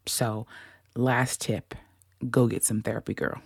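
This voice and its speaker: Low-voiced chatty woman podcast host. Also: little pitch movement, gravelly. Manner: chatty and playful, drawn-out emphasis on key words. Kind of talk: solo podcast monologue.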